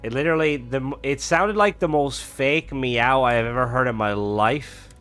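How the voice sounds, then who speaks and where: A man's voice: medium pitch, normal speed, fairly bright tone, clean tone, faint music behind. A young man chatting casually while he streams a game, rambling with lots of fillers. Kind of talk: casual gameplay chat.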